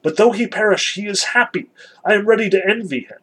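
A man voicing a fervent, romantic teenage schoolboy, exclaiming in a raised, excited voice as he reads a novel aloud. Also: high-pitched, a little fast, breathy edge, voice pushed up. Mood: zealous.

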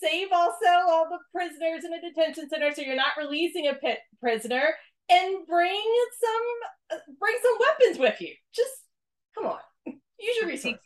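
A woman's voice: extremely high pitch, lively intonation, normal speed. A woman co-hosting a casual podcast that reviews a TV episode, talking emphatically and laughing as she goes. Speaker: podcast co-host.

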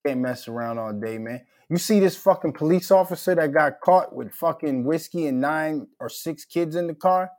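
A man's voice: fairly high pitch, normal speed, few pauses. A middle-aged man from Minnesota hosting a podcast, ranting casually with lots of profanity and heated outbursts. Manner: profane, heated, loud rants. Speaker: podcast host.

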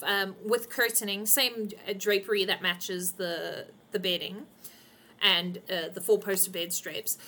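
Bright-voiced woman game master. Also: mid-range voice. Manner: descriptive, with frequent ums. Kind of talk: narrating a tabletop game.

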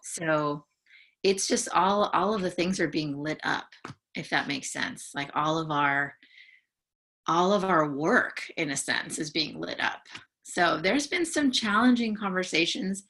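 A woman from the San Francisco Bay Area, a podcast guest speaking candidly in a halting, emotional way with frequent restarts. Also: on the low side, fairly bright tone. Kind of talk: candid conversational sharing.

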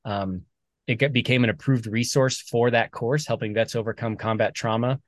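A man, a military veteran and author, talking earnestly as a podcast guest, animated when he quotes other people. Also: mid-range voice, moderate pace, no room sound. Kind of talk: conversational storytelling.

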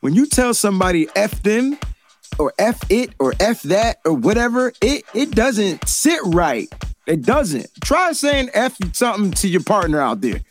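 Man, sports show host, high voice, swooping lively delivery, emphatic, repeats himself, faint music behind. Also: measured pace. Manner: animated and emphatic, repeats points. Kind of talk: casual sports commentary.

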